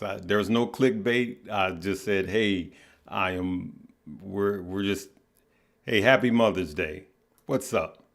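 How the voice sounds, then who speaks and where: A middle-aged man hosting a casual livestream, greeting viewers by name in a relaxed, heartfelt way. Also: fairly low pitch. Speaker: livestream host.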